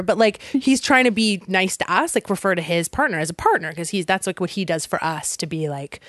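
A young woman talks casually as a podcast guest, spilling personal stories with fillers and laughter. Her voice sits at a middle pitch. The room is dry, with no echo. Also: expressive, quick pace, few pauses, a bit bright. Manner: candid storytelling with frequent laughs and filler "like".

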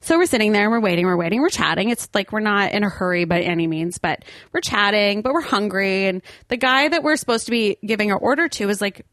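A woman telling a story in a casual chat, animated and laughing often. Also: mid-range voice, quick pace, few pauses, no echo, clean studio sound.

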